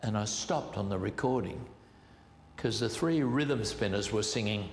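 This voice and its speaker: An older man telling a lively anecdote as an interviewee, acting out quoted voices. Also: fairly low pitch, a little slow, echoey room, slight background noise. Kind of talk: anecdotal storytelling.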